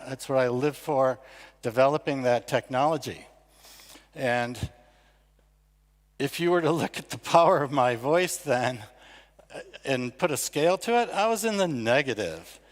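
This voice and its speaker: An older man from the United States speaks to an audience at an award ceremony. His delivery is conversational and self-deprecating, with a middle-pitched voice. The sound carries the long reverb of a big hall. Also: animated, measured pace, long pauses. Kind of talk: conference speech.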